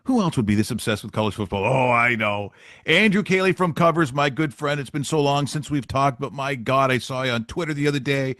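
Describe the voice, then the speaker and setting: Man hosting his own betting picks show, easygoing and jokey, mid-pitched voice. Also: brisk, fairly bright tone, no echo, studio quality. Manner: chatty and joking, with loose asides. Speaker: sports betting show host. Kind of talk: casual sports picks talk.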